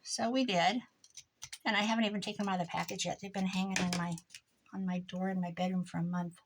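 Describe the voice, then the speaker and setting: A middle-aged woman with a Midwestern American accent chats to her vlog viewers while working at her craft table. She rambles from topic to topic and laughs often, in a voice of medium pitch. Faint clicks and writing sounds come from her crafting. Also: steady tone, fast talker, noisy background. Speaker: crafting vlogger. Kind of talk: casual chat while crafting. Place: craft room at home.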